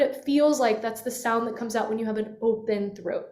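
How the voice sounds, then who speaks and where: A woman voice coach guides a vocal lesson on camera, her voice a little high. She stops often to show sighs and yawning sounds. The room around her rings with a clear echo. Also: normal speed, a little mellow. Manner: demonstrative, swoops into yawns and sighs. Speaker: voice teacher. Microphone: webcam. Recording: echoey room.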